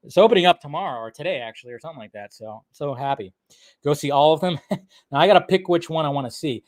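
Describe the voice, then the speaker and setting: A man hosting his own live stream, speaking at a fairly high pitch. He rants in an excitable way, swears freely and laughs off his own slips. It sounds like a home desk microphone. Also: fast talker. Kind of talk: ranting live-stream commentary.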